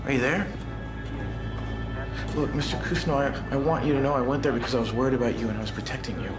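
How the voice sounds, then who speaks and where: A man's voice: medium pitch, fairly even intonation, quick pace, natural voice. An actor playing a worried man who pleads anxiously over a prison phone call, in a TV clip. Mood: pleading. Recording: roomy clip with music under.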